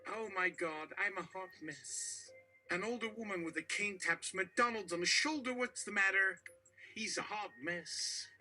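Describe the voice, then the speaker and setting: A synthetic man's voice reading a story with dialogue, jumping in pitch, repeating phrases and running into garbled credits. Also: bright, forceful tone, low-quality recording.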